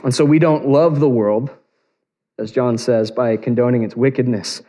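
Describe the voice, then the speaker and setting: A man's voice: medium pitch, fairly even intonation, moderate pace, mellow. A man preaching a sermon as pastor, earnest and building to emphatic peaks. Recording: long reverb of a large hall.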